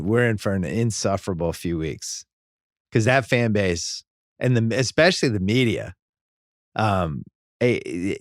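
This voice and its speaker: A man's voice: fairly low pitch, no echo, clean studio sound. A man hosting a podcast and chatting about sports in a joking, opinionated way, often restarting his sentences. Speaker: podcast host. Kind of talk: casual sports talk.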